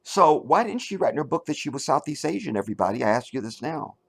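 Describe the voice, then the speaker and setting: A middle-aged man hosting a commentary show, reading an article aloud and mocking it with sarcasm, jumping between loud outbursts and low mutters. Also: sing-song, fast, vocal fry, slightly rough. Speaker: commentary channel host.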